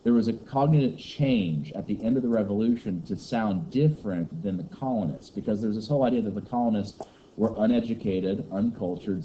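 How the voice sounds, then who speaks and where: Lecturing his class with joking, rambling banter, this Kentucky man talks fairly quickly in a dark-toned voice on the low side. He's a teacher, captured in a muffled classroom recording that carries faint noise.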